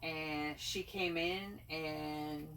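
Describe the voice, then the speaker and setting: A woman's voice: sits low, steady tone, drawn-out words, a bit bright. A woman casually telling a funny family story to her co-host, laughing easily. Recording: distant mic with faint noise.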